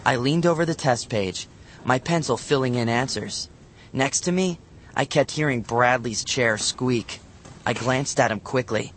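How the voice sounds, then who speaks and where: A man narrating a children's novel as an audiobook, in a lively, expressive storytelling manner. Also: medium pitch, unhurried, slight background noise.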